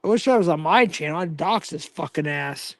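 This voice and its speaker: A man's voice: fairly high pitch, expressive, a little fast, dry recording. A man hosting a casual livestream, reading chat comments aloud with profane, mocking banter. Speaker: livestream host.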